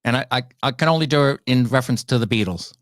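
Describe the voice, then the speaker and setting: A man's voice: medium pitch, quick pace, no room sound. Effusive English male host, dry sound. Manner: effusive, gushing with praise. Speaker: podcast host. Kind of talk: casual interview chat.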